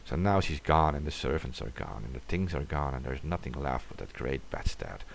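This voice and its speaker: A man with an extremely low, gravelly voice reads a horror story aloud. His delivery is dramatic and at times sinks to a whisper. A faint hiss sits under the recording. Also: lively intonation, moderate pace. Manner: dramatic reading, sometimes dropping to a whisper.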